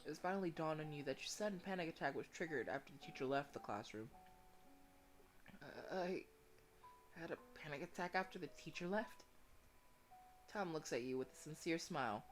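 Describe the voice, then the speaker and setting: A woman narrating a visual novel playthrough and reacting to it with raw emotion and casual swearing. Her lowish voice moves in a lively, animated way. Faint music runs behind her reading.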